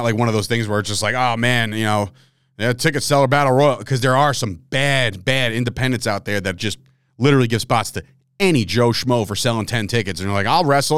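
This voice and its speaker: A man, hosting his own podcast and telling his story in a casual, animated way, swearing and laughing along the way. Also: on the low side, clear, resonant tone, no echo, studio quality. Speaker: podcast host.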